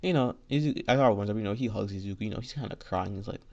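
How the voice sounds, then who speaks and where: A man's voice: fairly low pitch, very fast, creaky, a little mellow. A man improvising a fan story aloud, rambling and filling gaps with "you know" and "like.". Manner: rambling, heavy with 'you know' and 'like'. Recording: dull lo-fi recording.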